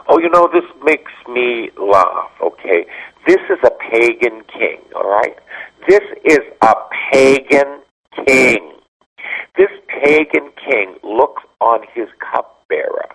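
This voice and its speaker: A man's voice: medium pitch, gravelly, husky. A man, a priest, giving a Bible teaching on the radio, telling stories and acting out the people he quotes. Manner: animated storytelling, acts out quoted dialogue. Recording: dull lo-fi radio sound.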